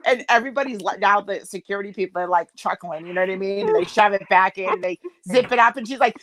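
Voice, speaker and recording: A woman's voice: mid-range voice, fast talker, hardly any pauses, no echo. A middle-aged woman, hosting a casual group video chat and telling stories with a joking, laughing manner. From Massachusetts. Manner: lively joking storyteller, laughs often. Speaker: host of a group live chat. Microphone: video call.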